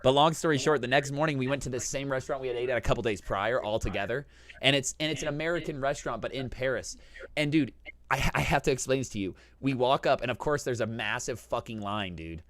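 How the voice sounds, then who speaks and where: A man hosting a casual chat, telling a long story in an animated, profane way and saying "dude" constantly. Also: medium pitch, fast. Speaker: host.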